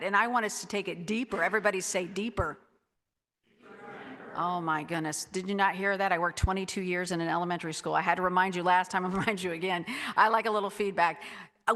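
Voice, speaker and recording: A middle-aged woman pastor giving a lively, chatty sermon, exuberant and quick to whoop and laugh, in a church sanctuary. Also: lowish voice. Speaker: guest pastor. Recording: reverberant church hall.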